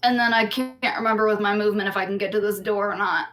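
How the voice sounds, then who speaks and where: Female player, bright tone, friendly, tentative. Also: medium pitch, fairly even intonation, quick pace. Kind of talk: casual tabletop game chat.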